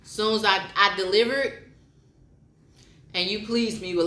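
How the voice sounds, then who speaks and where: A woman talks in a slow, unhurried way, with a bright and forceful tone. She gives a candid, repetitive pep talk and mixes in spoken poetry. Her voice echoes around a roomy space. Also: medium pitch, steady tone. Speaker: motivational vlogger. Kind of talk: frank personal monologue with spoken poetry. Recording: roomy echo.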